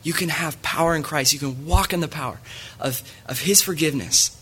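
A man's voice: fairly high pitch, fairly quick, few pauses, a bit bright, slightly rough. A man preaching a sermon in an earnest way, reading scripture aloud to his listeners.

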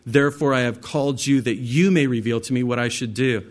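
A man with a mid-pitched voice teaching a Bible study as a pastor. He reads verses aloud at a measured pace, then talks them through in an easy, direct way, as if speaking to friends. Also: steady tone. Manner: reads scripture aloud, then explains it in a conversational way; addresses listeners directly as "guys".

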